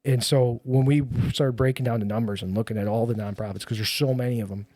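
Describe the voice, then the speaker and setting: A man's voice: mid-range voice, steady tone, fast, warm tone, dry recording, clean studio sound. A middle-aged man, a firefighter who founded a nonprofit, chatting casually on a podcast in a rambling, self-deprecating way with lots of fillers.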